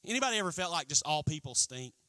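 A man pastor preaching a sermon, acting out quotes in an animated way. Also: on the high side, quick pace, no echo. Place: church.

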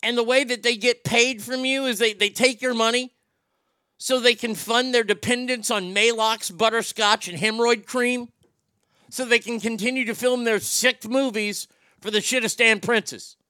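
A man's voice: very high-pitched, fairly even intonation, normal speed, bright, forceful tone, clean tone, no echo, studio quality. A man hosting an irreverent comedy show, rambling and swearing freely with crude jokes. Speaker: host.

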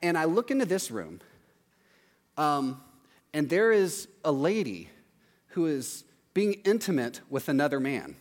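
A man telling a comic anecdote, animated and acting out the voices of the people in it. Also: a little high, a little slow, long pauses. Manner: animated, acts out quoted voices. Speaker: storyteller. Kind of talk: comedic anecdote. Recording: long hall reverb.

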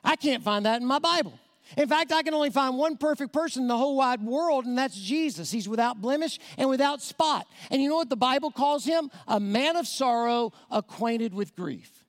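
A man preaching, his voice pitched unusually high for a man. He speaks to the congregation directly and with emphasis, racing through some lines and drawing out others. The sound carries a long, ringing reverb from a large church hall. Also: expressive, moderate pace. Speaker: guest preacher. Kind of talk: evangelistic sermon. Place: church sanctuary.

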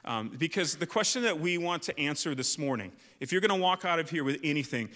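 A man, a youth pastor, telling a lively personal story in a sermon, with lots of likes and restarts. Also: a little high. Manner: animated storyteller, many fillers. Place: church hall. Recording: long church reverb.

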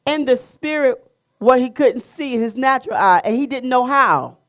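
A woman's voice: sits high, expressive, normal speed. A woman leading a Bible study, building to emphatic, repeated phrases. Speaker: Bible teacher.

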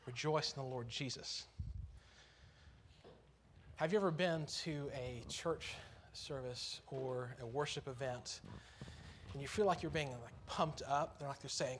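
A man's voice: mid-range voice, measured pace, a bit bright, a little hiss or hum. A man preaching a sermon in church, earnest and conversational, lifting his voice on key phrases.

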